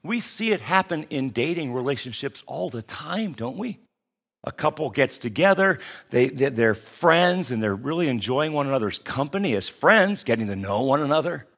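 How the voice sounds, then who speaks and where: A man's voice: mid-range voice, very animated, normal speed, a bit bright. A man pastor giving a conversational sermon that teaches through rhetorical questions.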